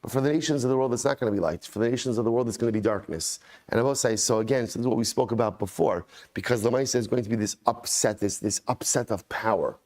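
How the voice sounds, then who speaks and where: A rabbi teaching his daily Talmud class, his voice sitting right in the middle of the usual male pitch range. He chants each passage of the text, then switches to a relaxed, conversational English explanation. He often repeats a phrase to stress a point and builds up real excitement as he goes. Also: quick pace. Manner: enthusiastic, repeats phrases for emphasis.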